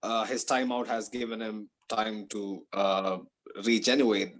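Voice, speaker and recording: A man talking on a casual football podcast as a panelist, halting often as he searches for words. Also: fairly low pitch, level tone, low-quality recording.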